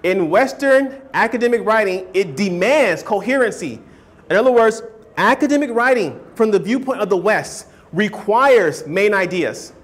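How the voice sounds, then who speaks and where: Man, writing teacher, high voice, animated lecture, checks if students follow. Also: normal speed. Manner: animated, keeps checking understanding with questions; acts out hedging speakers in a higher voice. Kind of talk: classroom lecture.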